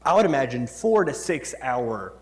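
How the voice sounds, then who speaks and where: A man's voice: mid-range voice, big pitch swings, normal speed, darkish tone. A man preaching a sermon in a church, reading scripture and adding conversational, joking asides. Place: church sanctuary. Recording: long church hall reverb.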